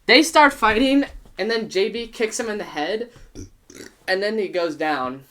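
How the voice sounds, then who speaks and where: A young man, a podcast guest, telling a party story in casual chat, swearing and acting out quotes. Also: a little slow. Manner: animated, profane, acts out quotes with big pitch jumps.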